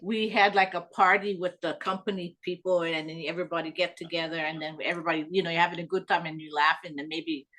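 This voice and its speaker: Quick and barely pausing, this interviewee has a fairly low voice and a light pidgin-tinged accent from Hawaii. The middle-aged woman shares family stories in a casual way, laughing a lot and livening up whenever she quotes relatives.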